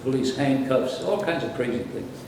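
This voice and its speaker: A man's voice: medium pitch, animated, moderate pace, very echoey, recorded from a distance, background noise. An older man from Brooklyn, New York, reminiscing in a rambling, anecdotal way during an interview. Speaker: interviewee, former radio announcer.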